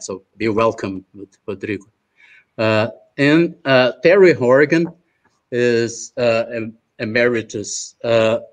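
A man from Brazil with a Brazilian Portuguese accent, moderating an online roundtable and introducing the panelists in a hesitant, chatty way full of filler uhs, over a video call. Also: on the low side.

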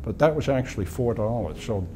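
A man in his eighties from Boston recounts his memories for an oral history interview. His voice is mellow and soft, and he tells his stories unhurriedly, pausing and restarting as he recalls details. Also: mid-range voice, expressive, slight background noise. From Boston, USA. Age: 80s. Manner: unhurried reminiscing with pauses and restarts. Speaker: interviewee, war veteran.

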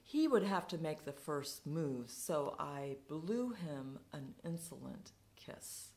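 A woman telling a dramatic story in a measured, deliberate way. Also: sits low, very animated, darkish tone. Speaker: speaker. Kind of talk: storytelling talk.

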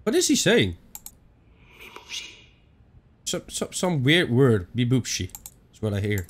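A man giving chatty let's-play commentary on a ghost hunting game, thinking out loud with some non-native phrasing. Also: medium pitch, wildly swooping pitch, slow pace. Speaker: gaming YouTuber.

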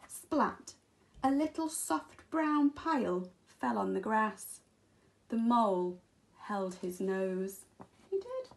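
A woman teacher reading a children's storybook aloud in an expressive, sing-song way, acting out the sound effects. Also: fairly high pitch, slow, vocal fry.

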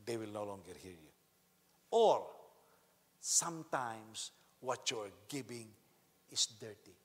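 A man preaching a sermon as pastor, animated, acting out quotes loudly and swinging from quiet to shouting. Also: on the low side, slow pace, husky. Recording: long reverb of a hall.

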